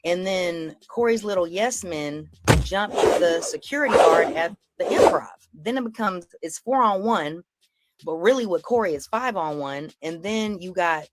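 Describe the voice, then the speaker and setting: Animated woman comedian recounting a fight. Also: fairly low pitch, measured pace, a little hiss or hum. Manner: animated storytelling, acts out the other people's lines. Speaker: comedian telling her story. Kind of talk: recounting an incident in a clip.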